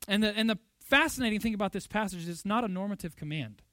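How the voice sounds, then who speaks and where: A man's voice: high voice, fast, no echo. A pastor preaching a sermon, emphatic and fond of rhetorical questions, a father of young children. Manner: emphatic, rhetorical questions, loud bursts when quoting.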